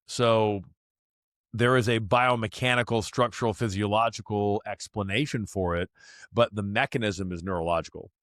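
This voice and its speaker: A man's voice: on the low side, steady tone, normal speed, fairly bright tone, no room sound, studio quality. A man who is a chiropractor and teacher, guesting on an interview show, talking casually and bluntly with the odd curse while he explains at length. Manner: blunt, swears casually, explains in long runs. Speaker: podcast guest, chiropractor and DNS instructor.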